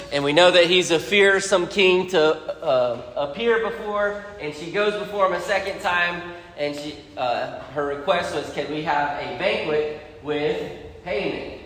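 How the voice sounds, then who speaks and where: A man teaching a Bible lesson, retelling the story casually and acting out the characters' lines with lively energy. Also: fairly high pitch, big-room sound.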